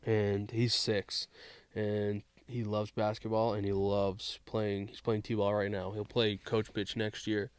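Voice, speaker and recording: A man's voice: lowish voice, flat delivery, slow, clear, resonant tone, dry recording. A man in his thirties with a New England accent, chatting easily as a podcast guest and laughing often. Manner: easygoing, laughs often, short reactions. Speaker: podcast guest, basketball coach, dad. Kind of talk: casual chat.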